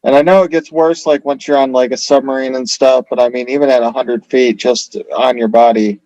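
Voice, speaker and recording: Laid-back podcast co-host, dry mic. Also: male voice, medium pitch, fairly even intonation, fairly quick, mellow, no room sound, lo-fi sound. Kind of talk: casual chat.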